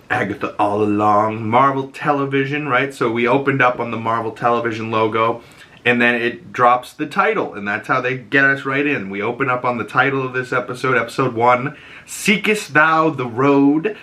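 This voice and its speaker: A man with a bright, forceful voice talks through a TV episode as the show's host. His delivery is loose and conversational, full of rambling asides and quick "you know what I mean" check-ins. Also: lowish voice. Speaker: show host reviewing a TV episode. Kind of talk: casual recap and reaction.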